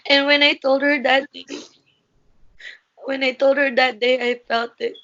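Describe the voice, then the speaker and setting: A woman gives an earnest, halting account in an interview, her high voice full of emotion. The recording is dull and muffled, with little clarity on top. She pauses and restarts as she goes. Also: little pitch movement, sharp tone.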